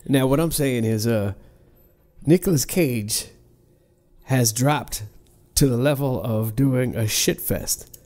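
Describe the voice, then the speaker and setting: A man's voice: mid-range voice, slow, a little mellow. A man co-hosting a casual podcast, talking in a loose, profane, rambling way while getting over a cold. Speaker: podcast co-host. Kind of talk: casual chat.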